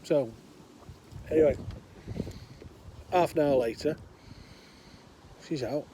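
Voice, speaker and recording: A man's voice: on the high side, normal speed, a little mellow, a little hiss or hum. An older man with a chatty, meandering manner, telling a long joke outdoors. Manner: meandering, chatty, many fillers. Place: outdoors, windy.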